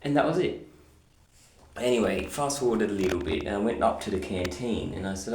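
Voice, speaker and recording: A man's voice: fairly low pitch, expressive, a little fast, a little mellow, reverberant. A young man telling a story in a casual vlog, rambling and swearing freely.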